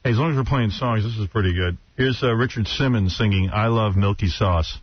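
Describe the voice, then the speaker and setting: A man's voice: on the low side, a little fast, faint music behind. A man hosting a radio show, teasing and laughing often in joking banter from a studio microphone. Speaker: radio host. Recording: muffled radio broadcast audio.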